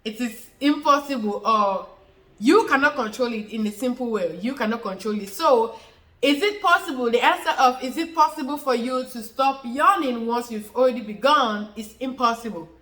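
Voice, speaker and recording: Woman with a fairly high bright voice, chatty explainer talk to viewers, says everything twice. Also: normal speed, rough recording. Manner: repetitive, restates points, many fillers. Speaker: health educator answering questions. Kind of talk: informal explanatory talk to camera.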